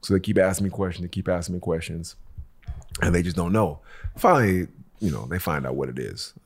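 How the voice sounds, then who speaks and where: A man with a very low voice spins a story on a casual podcast. He acts out every voice in his tale, laughs as he goes, and curses freely. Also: a little fast, breathy edge. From Los Angeles local. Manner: animated storyteller who acts out quotes, swears freely. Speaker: podcast co-host.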